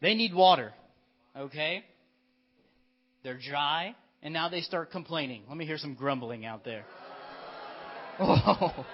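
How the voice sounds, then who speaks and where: Male pastor, fairly high voice, lively storytelling sermon, dull lo-fi church audio. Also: unhurried, pauses often. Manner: lively, storytelling, directs children in a skit.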